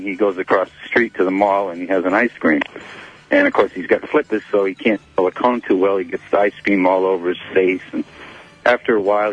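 A man calling a radio show, telling a joke with halting fillers. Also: lowish voice. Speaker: caller. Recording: muffled phone line.

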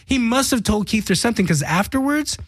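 A man's voice: very high voice, fairly quick, husky, no room sound. A man who is a guest musician, telling stories in casual chat, swearing freely and acting out what others said. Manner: animated storytelling, profane, acts out quotes.

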